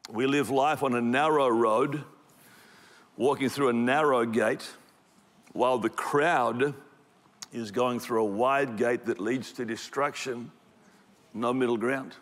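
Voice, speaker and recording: Aussie pastor preaching, emphatic but chatty, church hall echo. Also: male voice, mid-range voice, steady tone, slow, pauses often. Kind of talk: sermon. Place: church auditorium. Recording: echoey hall reverb.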